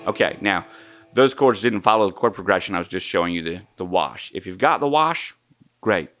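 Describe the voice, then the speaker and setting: A man with a fairly low voice walks through a guitar lesson in a relaxed, easygoing way, counting out the strumming pattern. His acoustic guitar plays clearly underneath as he talks. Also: brisk. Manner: easygoing, counts strums aloud, sings snatches of melody. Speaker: guitar teacher.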